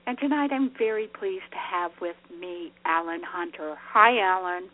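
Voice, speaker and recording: A woman's voice: fairly low pitch, normal speed. A woman hosting a radio show, asking her guest friendly, inquisitive questions. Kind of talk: radio interview. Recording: tinny phone-like radio sound.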